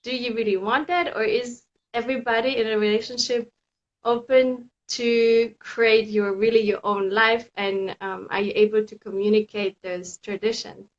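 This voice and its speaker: Woman, live-stream host, casual chat, somewhat high voice, slightly dull sound. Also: steady tone, normal speed. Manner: chatty, reads viewer comments aloud, laughs often.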